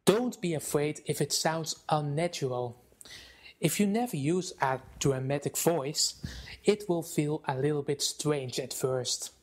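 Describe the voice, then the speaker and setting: Slow, expressive male presentation coach. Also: fairly high pitch. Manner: expressive, deliberate, with dramatic shifts to loud and soft. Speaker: video presenter teaching presentation skills. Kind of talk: instructional talk to camera.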